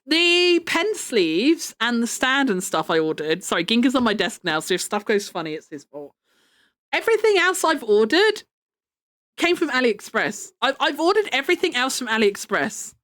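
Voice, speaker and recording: A woman's voice: on the high side, very animated, moderate pace, fairly bright tone. A young woman chatting casually on a livestream, rambling with lots of fillers and casual swearing. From United Kingdom. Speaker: live streamer.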